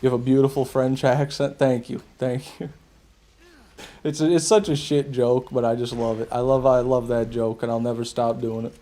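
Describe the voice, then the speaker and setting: A man's voice: mid-range voice, level tone, fairly quick, few pauses, warm tone. A man streaming a video game live, chatting with viewers in a casual, profane, joking way and laughing at his own jokes. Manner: chats with viewers while playing. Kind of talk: casual live gameplay commentary.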